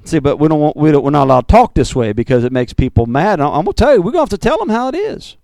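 A man preaching a fiery Pentecostal sermon, swinging from loud bursts to low, intense asides. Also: big pitch swings, very fast, vocal fry, no room sound. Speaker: pastor.

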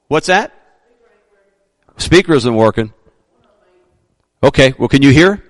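A male pastor preaching a sermon, emphatic, sometimes shouting his readings, joking about himself. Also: fairly high pitch, lively intonation, measured pace, pauses often, no room sound.

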